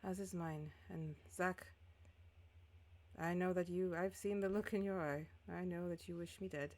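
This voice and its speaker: A woman's voice: fairly low pitch, fairly even intonation, a little slow, darkish tone, close to an everyday voice. A woman voicing a secretive young male mage who speaks formally and guardedly.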